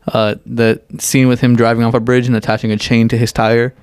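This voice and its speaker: A man's voice: medium pitch, little pitch movement, a little mellow, clean tone, no echo, studio quality. A man co-hosting a casual movie review podcast, blunt and profane in his opinions. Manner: blunt and profane, quick to call things stupid. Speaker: podcast co-host.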